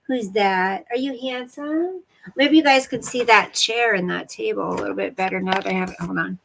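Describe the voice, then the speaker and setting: A woman's voice: mid-range voice, normal speed, creaky, rough recording. A woman hosting a casual livestream, talking bluntly and rambling to her chat and her pet at home. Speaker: livestream host. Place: home room.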